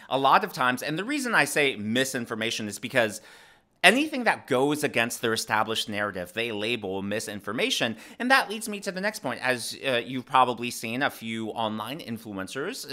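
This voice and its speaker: Animated young man talking politics. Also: mid-range voice, normal speed. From American South. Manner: animated, frequent fillers and restarts. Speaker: political commentary host. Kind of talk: casual political commentary.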